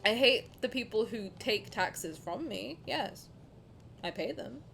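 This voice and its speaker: A woman streaming and chatting casually with her chat, animated and swearing freely, dropping to low mutters and then rising to loud outbursts. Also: slow, vocal fry, slight background noise. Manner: reads chat questions aloud and answers them.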